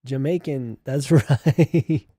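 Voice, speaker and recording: Casual young man livestreaming, dark tone. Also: medium pitch, extremely slow, husky, no room sound, studio quality. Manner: chatty, joking, reads chat aloud. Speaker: livestream host.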